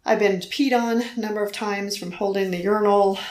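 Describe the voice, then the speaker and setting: A woman's voice: mid-range voice, fairly even intonation, fairly quick, a little mellow, echoey room, poor audio. A middle-aged woman earnestly telling a personal faith story in conversation, acting out the voices she quotes. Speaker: guest telling her story.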